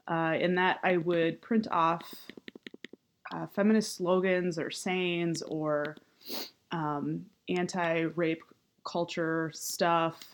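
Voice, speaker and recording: A woman in her thirties speaking in a low, unhurried voice. She talks in a loose, casual monologue, full of vocal fry and upward inflection. Fillers like "um" and "you know" come often. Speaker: writer and activist.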